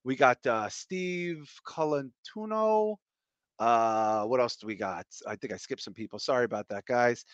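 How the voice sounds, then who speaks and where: A man's voice: mid-range voice, unhurried, clean tone, dry recording, muffled recording. A man hosting a casual podcast, chatting loosely and profanely, full of fillers. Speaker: podcast host.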